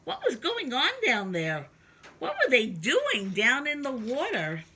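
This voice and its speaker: A woman reading a children's story aloud, with expressive, sing-song emphasis. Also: a little high, unhurried, husky. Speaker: storybook reader.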